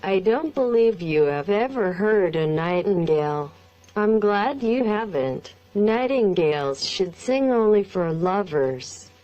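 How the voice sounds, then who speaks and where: Computer woman voicing a teasing fond husband, slow, even machine tone. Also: sits high, smooth, lo-fi sound. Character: affectionate young husband.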